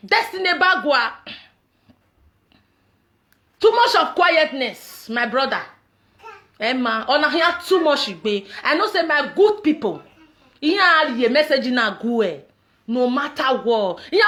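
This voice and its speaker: A high-voiced woman with a Nigerian accent speaking straight to her followers in an impassioned social media message. She is emphatic and repeats herself, often breaking into shouts and laughter between her words. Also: sing-song, unhurried, long pauses.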